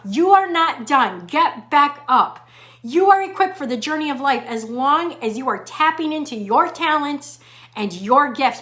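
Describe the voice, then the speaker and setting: A middle-aged woman hosting a live motivational talk as a fitness coach, reading viewer comments and repeating key lines slowly for emphasis. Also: sits high, a bit bright. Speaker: fitness coach and show host.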